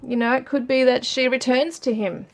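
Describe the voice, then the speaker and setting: A woman giving a relaxed tarot reading, musing aloud with frequent fillers as she reads out card messages. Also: sits high, moderate pace, slight background noise. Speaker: tarot reader. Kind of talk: casual tarot reading for viewers.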